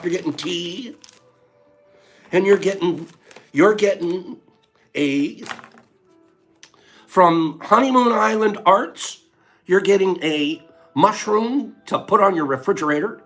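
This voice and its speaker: Man, high voice, casual live-stream host, upbeat, rattles off viewer guesses. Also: a bit bright. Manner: upbeat, rapid-fire reading of viewer answers.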